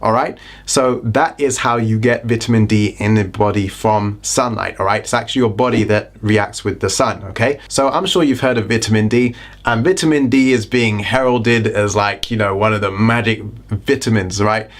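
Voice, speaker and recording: A man's voice: lowish voice, moderate pace. Joking British man vlogging to camera. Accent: British English. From Britain. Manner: chatty, joking, self-deprecating asides. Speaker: wellness vlogger. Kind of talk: casual talking-to-camera vlog.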